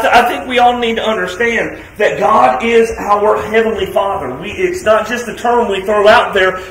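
A man preaches to his congregation with a notably high voice, pressing his points with rhetorical questions. He rises to loud declarations and falls back to quiet, soft asides. The sound carries the echo of a church sanctuary. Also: slight background noise. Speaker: pastor. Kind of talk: sermon. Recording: echoey room sound.

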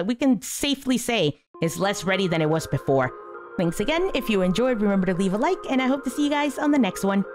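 Exasperated, the host of a gaming channel narrates her let's-play casually, her voice lurching from high-pitched yelps down to low muttering.

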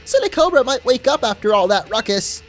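A man's voice: extremely high pitch, big pitch swings, brisk, soft background music, voice pushed up. Man putting on a scolding British gang punk. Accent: put-on mixed British. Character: rowdy young punk gang member.

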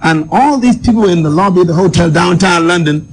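Male guest, fairly high voice, dramatic storyteller, soft music underneath. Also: a little fast. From Bahamas. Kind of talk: personal storytelling.

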